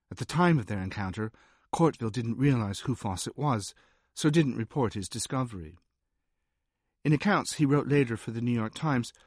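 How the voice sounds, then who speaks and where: A man reading a nonfiction history aloud as an audiobook narrator, measured and wry. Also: medium pitch, darkish tone, dry recording. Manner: measured, dry storytelling with wry asides.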